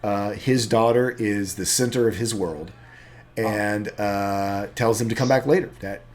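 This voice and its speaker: A man's voice: on the low side, measured pace. A man narrating a tabletop role-playing game as game master, rambling with lots of fillers.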